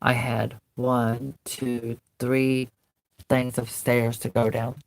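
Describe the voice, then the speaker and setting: A woman's voice: a bass voice, little pitch movement, takes it slowly, a little mellow, no echo. Woman telling a personal story, dry sound. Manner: earnest, recounting a painful memory in vivid present tense. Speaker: doll collector vlogger.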